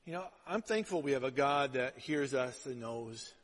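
A man's voice: mid-range voice, animated, moderate pace. A man preaching a sermon as pastor, chatty and informal, often asking the congregation "right?" to check they follow. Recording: long hall reverb.

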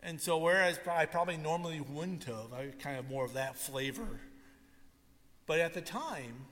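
A high-voiced male pastor preaches a sermon at a moderate pace in a reverberant hall. He tells his stories with animation and acts out the quotes.

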